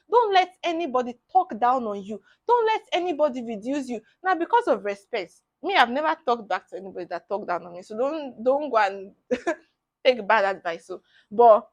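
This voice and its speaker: In a casual vlog, a Nigerian medical student in her twenties offers bubbly, animated advice and laughs a lot. Her voice is fairly high and her pace normal.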